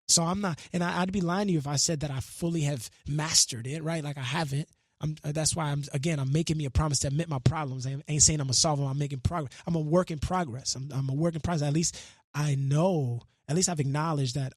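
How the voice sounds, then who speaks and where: A man from Brooklyn chats as a radio guest, earnest and reflective, full of street slang. His voice sits a bit high for a man. It is recorded close on a studio mic with a dry, dead sound. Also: dry recording. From Brooklyn, New York. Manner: earnest, reflective, slangy, half-recites lyrics. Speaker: guest musician. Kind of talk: casual interview chat.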